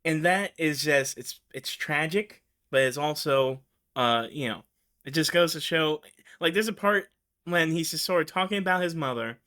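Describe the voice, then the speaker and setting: A man's voice: a little high, normal speed, pushed and bright. A man hosting a show, chatting casually about films, rambling and laughing often. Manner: rambling, full of fillers and restarts, laughs often. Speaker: show host. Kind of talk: casual film commentary.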